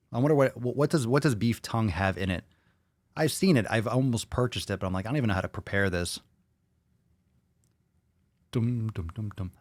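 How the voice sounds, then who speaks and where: A man's voice: fairly low pitch, dry recording, clean studio sound. A man hosting a podcast, reading viewer comments aloud and reacting to them bluntly, with a lot of swearing. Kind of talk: casual chat.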